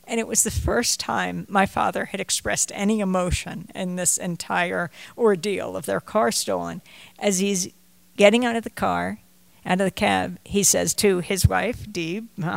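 A woman's voice: mid-range voice, normal speed, gravelly, dry recording. An older woman, a journalist on a book tour, speaking to an audience at a bookstore, wandering into chatty stories and asides. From United States. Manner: digressive storytelling, chatty asides. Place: bookstore event.

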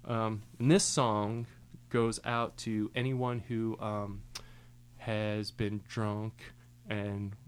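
A man's voice: on the low side, flat delivery, very slow, smooth. A young man playing music live on the radio, chatting loosely and joking between songs and often laughing. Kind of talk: casual on-air chat between songs.

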